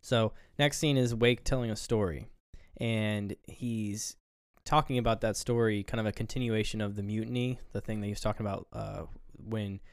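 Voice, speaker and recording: A man's voice: on the low side, steady tone, moderate pace, clear, resonant tone, dry recording, clean studio sound. A man co-hosting a casual film review chat, rambling through scenes and acting out quoted lines. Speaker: podcast co-host.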